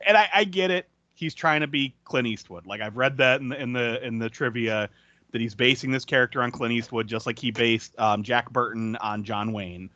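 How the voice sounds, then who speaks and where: A man's voice: mid-range voice, normal speed, pushed and bright, no echo, muffled recording. A man co-hosting a podcast, recapping a movie in casual chat, swearing freely and laughing often. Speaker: podcast co-host.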